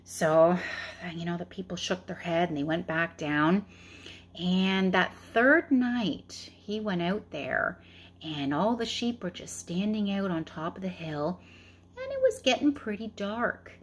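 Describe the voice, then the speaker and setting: A woman in her thirties reading a children's story aloud in an expressive, chatty way. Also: on the low side, a little slow, breathy edge.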